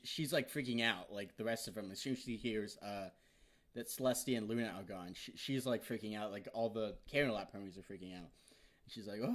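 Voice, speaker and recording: A man excitedly recapping a TV episode in a casual, rambling way, swearing often and leaning on filler words. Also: medium pitch. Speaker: vlogger reviewing an episode.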